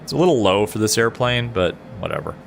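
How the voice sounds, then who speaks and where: A man's voice: mid-range voice, animated, fast, slight background noise. A middle-aged man streaming a flight sim in casual chat, laughing often as he answers his viewers.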